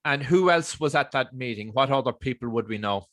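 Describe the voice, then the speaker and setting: A man's voice: mid-range voice, lively intonation, a little fast, fairly bright tone, no echo. A man hosting an interview, asking brief probing questions. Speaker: interviewer host.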